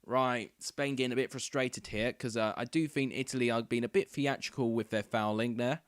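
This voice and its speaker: A young man commentating a football match live for his viewers, rambling and chatty, then bursting into loud excited calls at near misses. His voice sits at an ordinary middle pitch. The sound is dry and close, with no room echo. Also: moderate pace. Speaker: YouTuber hosting a football watchalong.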